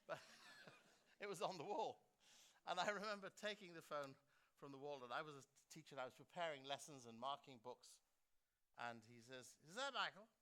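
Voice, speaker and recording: An older man from England giving an anecdotal speech at a book launch, animated and laughing often as he acts out quotes. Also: on the high side, moderate pace, long pauses, smooth. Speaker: guest speaker at a book launch. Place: school theatre.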